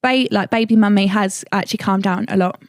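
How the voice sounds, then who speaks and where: A woman's voice: mid-range voice, fairly even intonation, fairly quick, no echo, studio quality. A woman, a mother, chatting as a podcast guest in a direct, talkative way with plenty of filler words. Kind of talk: casual podcast chat.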